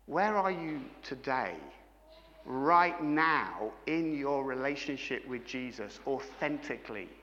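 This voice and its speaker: Middle-aged man, sermon, bright voice, reverberant church hall, dull sound. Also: mid-range voice, lively intonation, slow, a little hiss or hum. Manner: engaging, asks the congregation frequent questions. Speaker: pastor.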